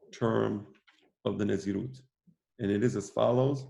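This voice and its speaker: A man's voice: fairly low pitch, steady tone, measured pace, vocal fry, long pauses, warm tone. A man teaching a religious class in an informal, conversational way, often repeating phrases for emphasis. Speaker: rabbi teaching a weekly class. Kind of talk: informal lecture.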